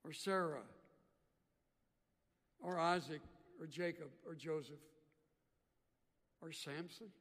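A man preaching a sermon, swinging from loud emphatic bursts to quiet earnest asides. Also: on the high side, takes it slowly, pauses often, long reverb tail. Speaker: pastor.

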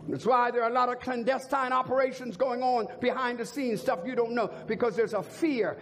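An older man delivers a sermon in a high, gravelly voice, hammering single words again and again until he shouts them. Long reverb from the church hall trails each phrase, with soft music underneath. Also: steady tone, a little fast. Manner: emphatic repetition, rising to shouts. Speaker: bishop preaching.

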